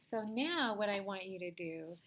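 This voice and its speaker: A woman teacher giving a reading lesson to young children, patiently asking them questions and sometimes dropping to a soft whisper. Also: medium pitch, expressive, moderate pace, slight background noise.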